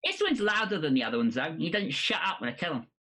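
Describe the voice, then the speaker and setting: A player in casual tabletop game chat, animated and swearing, voice jumping when excited. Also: mid-range voice, fast, slight background noise.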